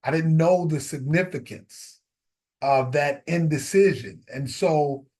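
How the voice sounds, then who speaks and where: A man's voice: on the high side, slow, darkish tone. A middle-aged man telling a personal story in a casual, reflective way, repeating key phrases for emphasis before drawing a life lesson.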